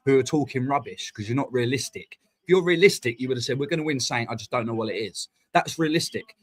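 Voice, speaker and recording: A man, hosting a fan live stream and ranting in a heated, sweary, rapid-fire way. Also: medium pitch. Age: 40s. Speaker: fan channel host. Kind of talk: casual live-stream rant. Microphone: streaming mic.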